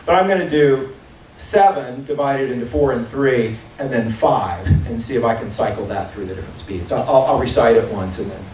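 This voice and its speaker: A man's voice: mid-range voice, normal speed, darkish tone, slight background noise. A male music professor giving a chatty lecture recital, often repeating words as he thinks and reciting drum syllables. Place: lecture hall. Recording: roomy hall sound from far off.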